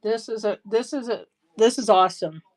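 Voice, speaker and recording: A woman hosting a live-stream jewelry auction, chatty and excitable, gushing over each piece. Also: medium pitch, moderate pace. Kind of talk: live auction selling chat.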